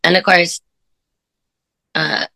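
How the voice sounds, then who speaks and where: A woman with a low, gravelly voice and a bright, forceful edge talks about her favorite comedians. She gushes and rambles, piling up fillers. She sounds like she is on a video call. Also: little pitch movement, slow pace, no echo. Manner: bubbly, rambling, filler-heavy. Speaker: comedian guest. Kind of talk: casual chat.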